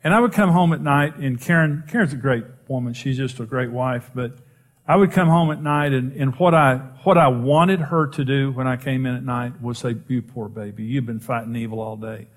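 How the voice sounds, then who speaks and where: A middle-aged man pastor preaching a sermon, telling a personal story in a self-deprecating way and rising in pitch for emphasis. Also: normal speed.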